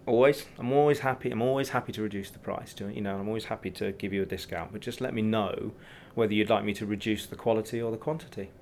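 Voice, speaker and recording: A man guesting as a business coach, telling his anecdotes briskly and chuckling at his own points. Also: fairly low pitch, steady tone, darkish tone. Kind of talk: anecdotal interview talk.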